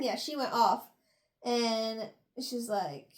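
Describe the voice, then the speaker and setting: A young woman who hosts a book review podcast casually recaps a novel's chapters, acting out the characters' lines as she retells the plot. Her voice is a little high and her pace is slow.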